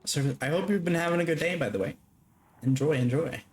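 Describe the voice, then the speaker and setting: Quick-paced and on the high side, this young man's voice carries through a casual gaming live stream from home, where he chats loosely with viewers, swears casually and laughs a lot. There's slight background noise.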